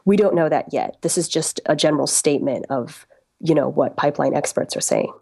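Low-voiced woman reporter explaining her work. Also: lively intonation, a little fast, creaky, mellow, husky. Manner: thoughtful, with frequent um and uh. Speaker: reporter being interviewed. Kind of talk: radio interview answers.

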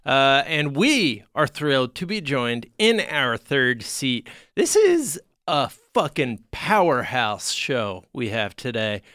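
A man hosting a podcast, chatting casually with laid-back, deadpan asides. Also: mid-range voice, takes it slowly, few pauses, no room sound, studio quality. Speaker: podcast host. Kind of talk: casual chat.

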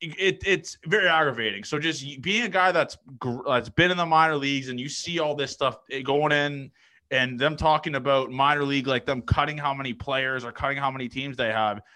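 A man's voice: mid-range voice, brisk, pushed and bright. A man hosting a casual podcast chat, laid-back and slangy, often saying "dude". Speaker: podcast host.

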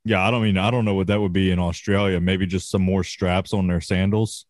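A man's voice: sits low, steady tone, a little fast, dry recording. A man chatting casually on a podcast, swearing freely and laughing often. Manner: profane, laid-back, laughs often. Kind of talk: casual chat.

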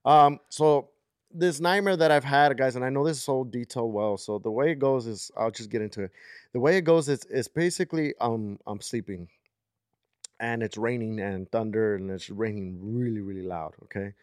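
A man's voice: mid-range voice, moderate pace, clean tone, no room sound, clean studio sound. A man in his thirties hosting a podcast, telling a long story in a casual, rambling way with lots of fillers. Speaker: podcast host.

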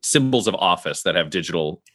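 A man narrating a tabletop game as game master in a relaxed, chatty way. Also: low voice, a little fast, dry recording, clean studio sound.

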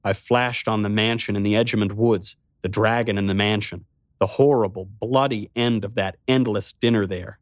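A man's voice: lowish voice, steady tone, normal speed, no room sound, clean studio sound. A man giving a first-person scripted narration in a wry, dramatic storytelling manner.

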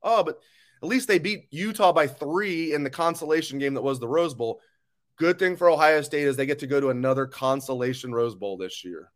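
A man's voice: on the high side, a little fast. A man hosting a live sports talk stream, ranting angrily and bluntly, with swearing, as he reads viewer comments. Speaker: sports show host.

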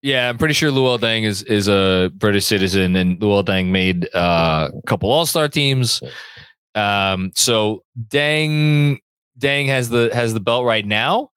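A man hosting a casual sports podcast, excitable and rambling as he reads viewer comments. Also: fairly low pitch, measured pace, smooth, no room sound. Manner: excitable, rambling, many fillers and restarts. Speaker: podcast host.

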